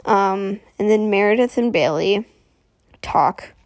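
A woman's voice: medium pitch, slow, darkish tone, no echo. A woman casually recapping a TV episode, rambling with lots of "um, anyway" and correcting herself as she goes.

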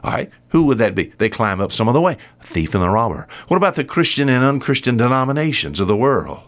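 A male preacher delivering a weekly radio sermon in an emphatic style. His pitch climbs high when he presses a point, then sinks to a low, quiet tone for the serious lines. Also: big pitch swings, fast talker.

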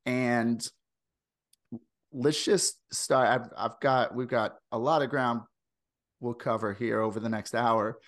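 A man's voice: mid-range voice, fairly even intonation, takes it slowly, long pauses, dry recording, studio quality. A man with a Midwestern American accent hosting a podcast over a video call, chatting casually and rambling with lots of fillers. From St. Louis, USA. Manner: rambling, digressive, many fillers. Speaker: podcast host.

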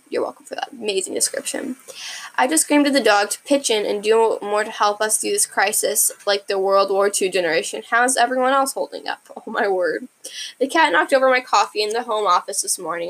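A woman's voice: a little high, fairly bright tone, rough recording. A young woman casually reading funny pet tweets aloud, giggling often and stumbling over words. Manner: giggly, chatty, many fillers and restarts.

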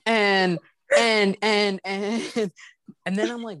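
A man's voice: sits high, takes it slowly, long pauses, fairly bright tone, no echo. A young man hosting a podcast, telling a story casually with many fillers and restarts. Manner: rambling, filler-heavy, laughing retelling. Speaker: podcast host.

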